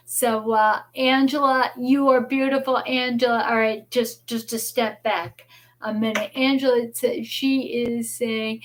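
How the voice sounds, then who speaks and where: Slow, high-voiced woman talking haltingly. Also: fairly even intonation, low-quality recording. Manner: halting, many restarts, earnest and devout. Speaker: host of a live chat show. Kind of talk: emotional live-stream chat. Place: home.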